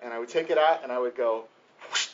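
A man preaching a sermon, a pastor who tells family stories with lively emphasis, restarting his sentences and slowing down to stress his points. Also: medium pitch, dull audio, noisy background. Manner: animated storytelling, many restarts, slows for emphasis.

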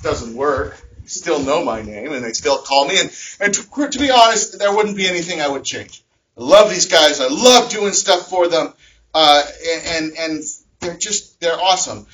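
A man in his thirties preaching a sermon as pastor, telling family stories with animated, acted-out shouting. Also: fairly high pitch, moderate pace, dull audio, slight background noise. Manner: animated storytelling, acts out his sons' shouting.

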